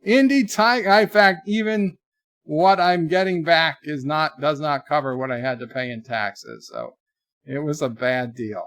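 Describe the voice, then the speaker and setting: Man, forties, livestream host, casual chatter, reads viewer comments, higher-pitched voice. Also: lively intonation, a little slow, fairly bright tone, no room sound, studio quality, faint music behind. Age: 40s. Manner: chatty, reads viewer messages aloud in a lifted voice. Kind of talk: casual live commentary, reading viewer chats.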